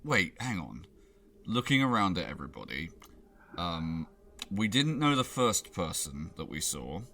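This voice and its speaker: A man's voice: low voice, very animated, a little slow, bright, forceful tone. A man playing a tabletop game, asking casual questions of the game master. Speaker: player.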